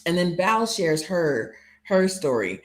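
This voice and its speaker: A woman co-hosting a casual show chat, telling stories in an animated way and retelling scenes in detail. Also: lowish voice, slow pace. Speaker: co-host reviewing a reality show.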